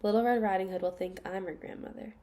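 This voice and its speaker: A crafty big wolf creeps through the storybook in a hushed, mock-polite voice, as a woman reads him. The tone stays mellow and low-key, never truly growled. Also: fairly even intonation, quick pace, close to an everyday voice. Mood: sly. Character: crafty big male wolf, sly and hungry.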